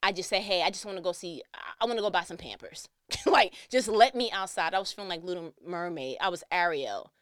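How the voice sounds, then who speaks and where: A young woman telling a personal story in a lively, slangy way, acting out the voices she quotes. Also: fairly low pitch, a little fast, no room sound, clean studio sound. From New York.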